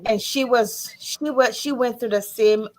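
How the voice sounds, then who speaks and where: A woman with a fairly high voice shares a personal testimony on a talk panel. She is earnest and lets small laughs slip through the emotion. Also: low-quality recording.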